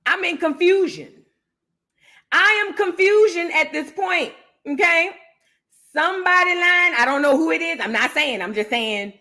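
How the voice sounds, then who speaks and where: A woman's voice: very high-pitched, lively intonation, unhurried, bright, forceful tone. A woman hosting a casual gossip show, chatty and teasing as she rambles on. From Southern United States. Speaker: host.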